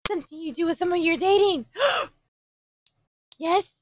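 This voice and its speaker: A woman's voice: very high-pitched, fast talker, a little mellow, slight background noise. A young woman from Hawaii hosting an anime reaction, commenting as she watches with gasps, squeals and giggly outbursts.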